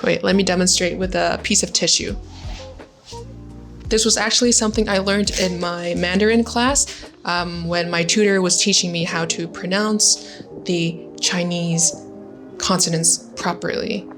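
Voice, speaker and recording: A young adult woman hosting a casual teaching vlog, bright and positive, demonstrating sounds slowly. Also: lowish voice, steady tone, soft background music. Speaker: language-learning YouTuber.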